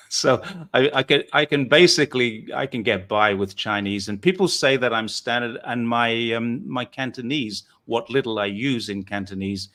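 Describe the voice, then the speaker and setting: A man's voice: medium pitch, normal speed, bright, forceful tone. A man from northeast England hosting a casual chat, rambling and self-deprecating as he tells his story. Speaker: host.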